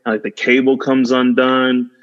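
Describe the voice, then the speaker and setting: A man's voice: medium pitch, level tone, moderate pace. Enthusiastic man chatting casually, lo-fi sound. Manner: enthusiastic, laughing, full of fillers and "like". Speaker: podcast host. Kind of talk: casual chat. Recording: dull lo-fi recording.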